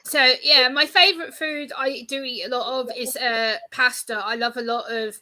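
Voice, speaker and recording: Bright-voiced woman, animated. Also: sits high, moderate pace, a little hiss or hum. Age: 30s. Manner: animated storyteller, acts out exchanges. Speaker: guest. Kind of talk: casual interview chat.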